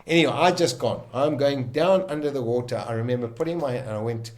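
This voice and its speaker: A man's voice: mid-range voice, darkish tone. Emphatic South African man telling a story. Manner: vivid, emphatic retelling with quick restarts. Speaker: podcast guest. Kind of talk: dramatic first-person storytelling.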